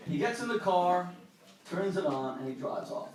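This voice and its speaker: A rabbi doing stand-up comedy, telling a story in an animated way and slipping into the voices of the people in it. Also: male voice, high voice, moderate pace. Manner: animated, jumps between characters' voices. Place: comedy club stage. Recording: echoey live club, mic from a distance.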